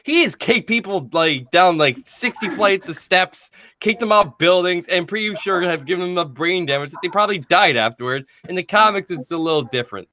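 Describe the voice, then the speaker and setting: A man's voice: high voice, expressive, brisk, hardly any pauses, bright, forceful tone, a little hiss or hum. A man chatting casually with friends in a rambling, loose way, often laughing. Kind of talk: casual chat among friends.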